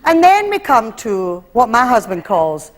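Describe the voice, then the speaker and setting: A Scottish woman performing live stand-up comedy, animated and acting out voices as she tells her routine. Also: fairly high pitch, measured pace. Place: stage before a live audience. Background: audience laughter.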